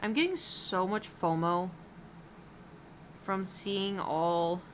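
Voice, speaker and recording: A woman's voice: mid-range voice, slow, a little hiss or hum. A woman streamer chatting casually while painting, rambling with lots of fillers and giggles.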